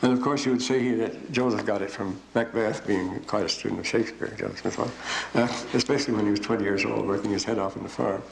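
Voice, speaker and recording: An older man giving a rambling, digressive classroom lecture with frequent pauses. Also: on the low side, fairly even intonation, gravelly. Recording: echoey room, faint hiss.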